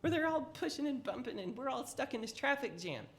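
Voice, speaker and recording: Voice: high-pitched, big pitch swings, fairly quick, a bit bright, pitched above the performer's own voice, heavily acted. A teacher doing a baffled male disciple. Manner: hesitant, baffled.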